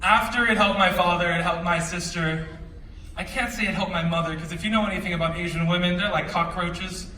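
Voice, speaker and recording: Brief: young male stage speaker, high voice, energetic and joking, echoey hall with an audience. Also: brisk, distant mic, a little hiss or hum. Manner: energetic, joking, chatty slang. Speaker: motivational speaker. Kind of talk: stage storytelling talk.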